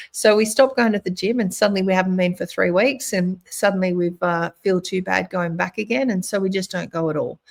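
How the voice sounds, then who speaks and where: A woman's voice: medium pitch, creaky. A middle-aged woman hosting a motivational talk, speaking earnestly with many restarts and fillers. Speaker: host. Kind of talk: motivational monologue.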